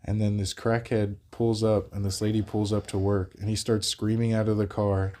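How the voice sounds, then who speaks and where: A young man with a fairly low voice, hosting a casual vlog. He tells a rambling story with a lot of energy, swears without a second thought, and jumps into the voices of the people in it. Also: normal speed, slight background noise. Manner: animated, laughs while telling, swears freely, acts out the people he quotes. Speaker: vlog host.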